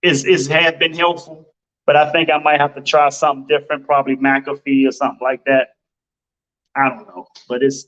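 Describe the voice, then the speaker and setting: A man's voice: on the high side, fairly bright tone, rough recording. A man hosting his own podcast, talking casually and emphatically, with lots of exclamations. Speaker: podcast host. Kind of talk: casual motivational podcast talk. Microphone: home computer setup microphone.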